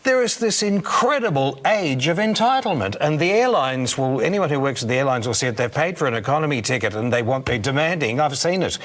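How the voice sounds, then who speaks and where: A man chats as co-host with a lively, swinging pitch. He speaks his opinions openly and turns to the others for agreement. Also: brisk, few pauses. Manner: opinionated, chatty, asks for agreement. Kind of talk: casual chat.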